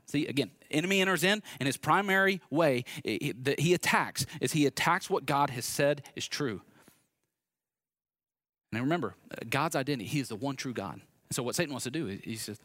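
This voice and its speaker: A man's voice: mid-range voice, lively intonation, a little fast, fairly bright tone, no room sound, studio quality. Wry, conversational male preacher. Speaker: pastor. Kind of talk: sermon.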